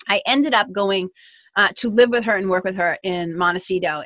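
A woman podcast host telling a personal story in a casual, animated way, full of "like" and the odd swear word. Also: mid-range voice, brisk, no echo.

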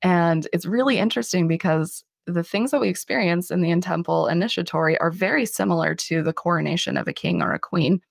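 A woman's voice: on the low side, sing-song, brisk, creaky, few pauses, no echo, studio quality. A woman hosting a casual religious podcast, chatty and self-deprecating, often laughing as she talks. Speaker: podcast host.

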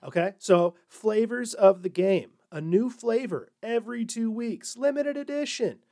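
A man's voice: high-pitched, a little slow, dark tone. A man hosting a comedy podcast, delivering a sarcastic monologue and slipping into mocking corporate voices. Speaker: podcast host.

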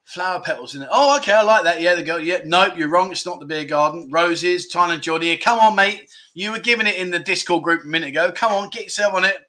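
Bright, jokey man hosting. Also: high voice, fast talker, hardly any pauses. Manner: jokey, banters with chat, lots of mate and no. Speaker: livestream host. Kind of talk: casual livestream chat reading viewer guesses.

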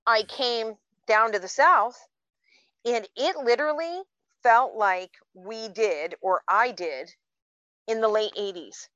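A woman's voice: on the high side, slow pace, fairly bright tone, no echo. A woman in her fifties co-hosting a podcast, telling stories in a casual, chatty way with plenty of fillers. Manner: chatty storyteller, many fillers. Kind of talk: casual chat. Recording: dull, dry sound.

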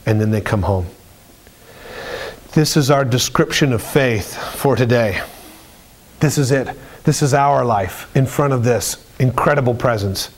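Male preacher, sermon delivery, insistent and repetitive, ordinary middle pitch. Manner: emphatic, repetitive phrasing.

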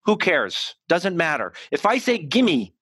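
An American man in a podcast interview, coaching on speech, talking in an animated and emphatic way with frequent restarts. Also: a little high, moderate pace, no room sound. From United States. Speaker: communication coach, guest.

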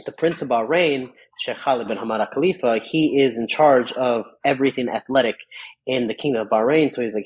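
A young man from Chicago, an MMA fighter, telling rambling, animated stories as a podcast guest. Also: mid-range voice, brisk, slightly rough, rough recording. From Chicago, USA. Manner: rambling, animated storyteller, acts out quotes. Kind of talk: casual interview storytelling.

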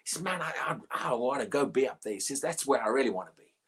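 Woman preacher, husky tone, lively swooping pitch, emphatic sermon delivery. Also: quick pace. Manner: animated, emphatic preaching with rhetorical questions.

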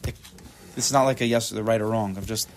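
A man teaching a Talmud class, thinking aloud with quick restarts and reading text out loud. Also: on the low side, steady tone. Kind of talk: casual shiur teaching.

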